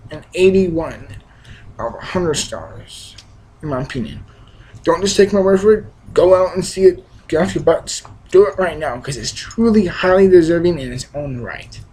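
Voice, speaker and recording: A man's voice: high voice, dark tone, a little hiss or hum, poor audio. Rambling young man reviewing a film. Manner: rambling, frequent restarts and fillers; enthusiastic, emphatic. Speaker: movie reviewer. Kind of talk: casual spoken film review.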